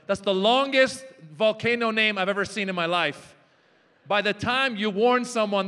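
A man's voice: high-pitched, moderate pace, bright, forceful tone. A man doing a stand-up comedy set on stage, chatty and loose, teasing the crowd. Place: large hall on stage. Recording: long hall reverb.

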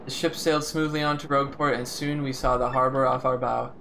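A man's voice: medium pitch, level tone, brisk, vocal fry, bright, forceful tone, a little hiss or hum, poor audio. A man playing a pompous, vain sailor. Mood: grandiose. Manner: grandiose, self-praising.

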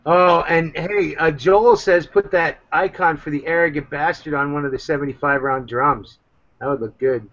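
A man hosting a casual online talk show, rambling loosely and giving shout-outs to listeners. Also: a little high, normal speed. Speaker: podcast host. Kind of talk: casual chat. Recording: dull lo-fi sound.

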